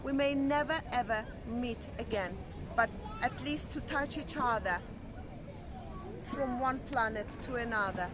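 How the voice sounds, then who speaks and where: A woman's voice: on the high side, measured pace. A woman co-hosting a vlog, effusive and playful in broken English, outdoors on a harbour promenade. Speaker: vlog co-host. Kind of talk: casual chat. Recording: crowd noise outdoors. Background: crowd chatter.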